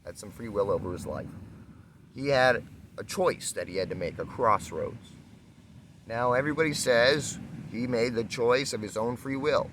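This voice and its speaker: A man's voice: mid-range voice, moderate pace, slight background noise. A man giving a casual spiritual talk, rambling and repetitive, acting out quoted exchanges. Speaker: spiritual speaker.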